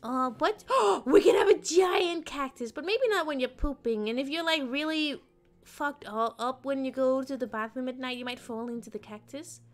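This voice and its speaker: A woman with a high voice streams a game at a moderate pace, chatting playfully with her viewers. She giggles often as she answers the chat during this casual live stream.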